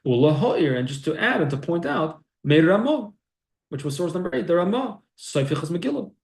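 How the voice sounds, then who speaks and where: A man teaching a Torah class from texts, his voice a touch high and climbing sharply when he stresses a point. He poses questions and then answers them himself. The sound carries a noticeable echo from the room. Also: lively intonation, a little fast, a little mellow. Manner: explains sources aloud, rises in pitch for emphasis, asks and answers his own questions. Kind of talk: text-based Torah class. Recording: echoey room.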